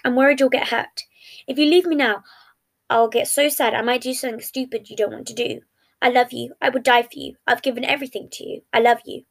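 A woman's voice: high-pitched, creaky. Clingy, pleading young man, read by a woman. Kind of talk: fan fiction reading.

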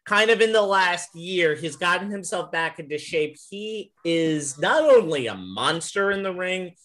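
A man co-hosting a podcast in casual chat, opinionated and animated, laughing often. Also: sits high, measured pace. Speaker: podcast co-host.

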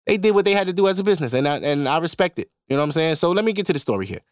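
A young man hosting a podcast, telling a personal story in a casual, animated and profane way. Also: a little high, very fast, dry recording, clean studio sound. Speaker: podcast host.

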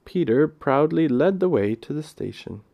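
A man reading a children's novel aloud in an unhurried way, with small stumbles along the way. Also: fairly high pitch, lively intonation, creaky, warm tone. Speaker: audiobook reader.

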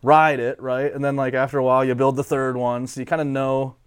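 A man's voice: mid-range voice, little pitch movement, brisk, smooth, no echo. Man, middle-aged, laid-back storyteller, swears, laughs a lot, dry sound. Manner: laid-back, swears, laughs often, quotes people in character. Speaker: guest. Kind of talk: casual chat.

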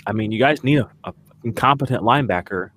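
A man's voice: lowish voice, quick pace, a bit bright, breathy edge. A man co-hosting a podcast, chatting casually and ranting with exasperation, full of fillers. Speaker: podcast co-host. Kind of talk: casual sports podcast chat.

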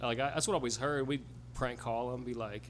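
A man's voice: medium pitch, steady tone, fairly quick, a bit bright, a little hiss or hum. A man co-hosting a podcast, telling laid-back, swear-filled stories in casual chat. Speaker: podcast co-host.

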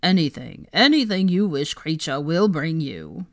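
Kreacher, a woman doing a croaking old house-elf. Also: sits low, sing-song, no echo, clean studio sound, full character voice. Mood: groveling. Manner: slow and drawn-out. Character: old male house-elf servant, groveling and eager.

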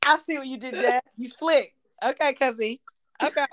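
A podcast host with a high female voice chats at normal speed in clean, echo-free studio sound. She's animated and profane, swearing plenty as she casually teases her guests.

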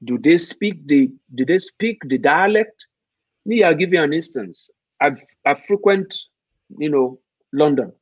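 A Nigerian man speaks as a guest in a conversational interview, unhurried and emphatic, posing rhetorical questions. His voice is fairly high and husky with lively intonation. The recording is dry, dull and muffled, with no room sound.

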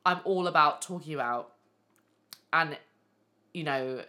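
A young woman hosting a podcast, telling frank, animated stories full of swearing and fillers. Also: sits low, a little slow. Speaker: podcast host. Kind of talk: candid casual storytelling.

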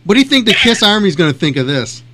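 Male radio host, deadpan straight man, slightly high voice, noisy line. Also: quick pace. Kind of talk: comedic radio interview.

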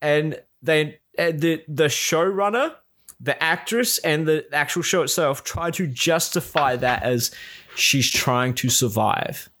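A man's voice: fairly high pitch, takes it slowly, fairly bright tone. Casual male recapper, profane and exasperated, mimics characters mid-story. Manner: profane, exasperated, acts out quoted lines. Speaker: reviewer recapping a show.

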